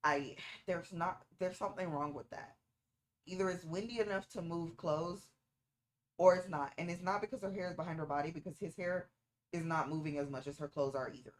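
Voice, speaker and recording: Lowish woman streamer doing movie night commentary, jokey and nitpicky. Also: brisk, a little hiss or hum. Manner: playful, teasing, nitpicking small details. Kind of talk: casual movie-watching reaction commentary.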